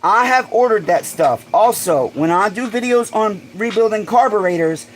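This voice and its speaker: A man hosting a casual livestream, excitable and swearing freely, bursting into shouts. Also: high voice, moderate pace, slight background noise, poor audio. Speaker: livestream host.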